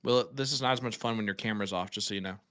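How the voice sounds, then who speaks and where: Bright-voiced male darts commentator. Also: on the low side, rapid-fire. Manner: joking, banters with co-host. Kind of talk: live sports commentary.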